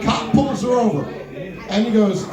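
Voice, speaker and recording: A man's voice: high voice, moderate pace. A young man doing a stand-up comedy set at a live venue, playfully bantering with audience members by name. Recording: echoey room, voice far from mic, crowd audible.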